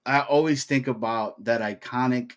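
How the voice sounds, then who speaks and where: A young man co-hosting a sports podcast, talking casually and getting worked up with loud, rising hype. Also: mid-range voice, moderate pace. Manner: animated, hypes with rising shouts. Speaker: podcast co-host.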